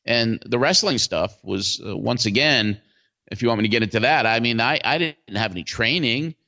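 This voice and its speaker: A man in his sixties, a guest in an interview, telling stories in a lively way with many fillers and restarts. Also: medium pitch, moderate pace, creaky. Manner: animated storyteller, full of fillers and restarts. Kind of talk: casual storytelling interview. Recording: dull lo-fi sound.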